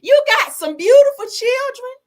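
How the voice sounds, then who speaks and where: A woman voicing a prim older woman who gushes over other people's children in a high, sugary, over-sweet coo. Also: lively intonation, normal speed. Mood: syrupy gushing. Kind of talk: mocking impression in a livestream rant.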